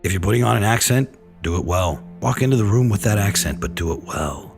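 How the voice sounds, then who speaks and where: A man's voice: fairly low pitch, expressive, fairly quick, music in the background. A man who directs films hosts a radio advice segment for actors, talking frankly and wryly. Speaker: film director and acting coach, radio segment host.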